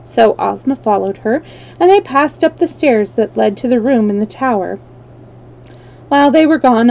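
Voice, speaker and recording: A woman reads a children's storybook aloud in a gentle, mellow voice, pitched a little high. Now and then she stumbles on a word and corrects herself. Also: poor audio. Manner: gentle, with small slips and self-corrections. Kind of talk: storybook reading on a live stream.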